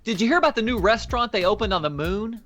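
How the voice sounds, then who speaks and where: A woman co-hosting a live stream, telling jokes in a deadpan way. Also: on the high side, quick pace, soft background music. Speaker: co-host. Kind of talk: casual live-stream chat.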